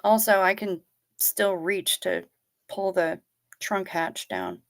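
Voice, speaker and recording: Middle-aged woman, livestream host, casual animated storytelling, close dry sound. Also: on the low side, slow pace, creaky, no room sound. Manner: animated storyteller, talks straight to viewers. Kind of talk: casual chat reading viewer comments.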